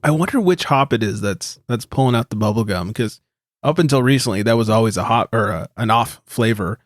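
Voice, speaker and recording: A man's voice: fairly low pitch, a little fast, dry recording, studio quality. Laid-back, swearing male podcast co-host. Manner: laid-back, swears freely, laughs often. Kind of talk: casual chat.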